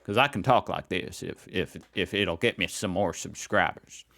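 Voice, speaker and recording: American man, low deep voice, casual and amused reaction host. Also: normal speed, vocal fry, a bit bright. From United States. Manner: chatty and amused, laughs easily. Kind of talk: casual chat.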